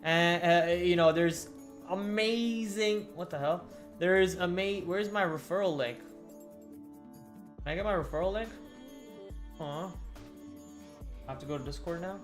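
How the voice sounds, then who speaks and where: A man hosting a stock trading livestream, chatting casually to his viewers and slowly dictating notes on trades as he types. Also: high voice. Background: faint background music.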